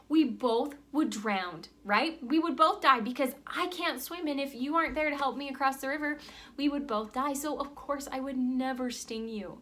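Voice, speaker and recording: A woman voicing a sly, sweet-talking male scorpion in a spoken fable, soft and coaxing. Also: sits high.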